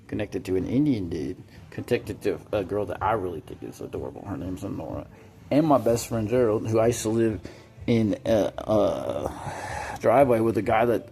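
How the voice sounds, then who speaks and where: Gravelly, dark-toned man, rambling and profane vlog monologue. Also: on the low side. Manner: rambling, profane, jumps between topics.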